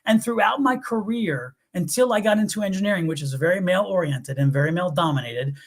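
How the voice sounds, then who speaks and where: A middle-aged man from the US East Coast, hosting a live tarot stream and telling stories in an animated, rambling way full of restarts. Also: high-pitched, brisk. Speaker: tarot reader and livestream host. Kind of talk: casual live-stream chat.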